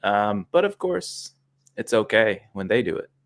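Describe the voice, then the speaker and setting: Laid-back joking man, lowish voice. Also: sing-song, a little slow. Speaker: podcast co-host. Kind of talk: casual podcast chat.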